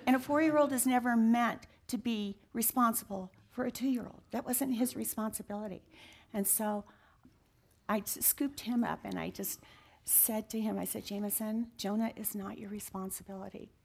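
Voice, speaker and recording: A woman's voice: on the high side, moderate pace, vocal fry. Earnest woman in her sixties. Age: 60s. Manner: earnest and heartfelt, softening to near whispers. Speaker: guest sharing her story. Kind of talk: confessional interview talk.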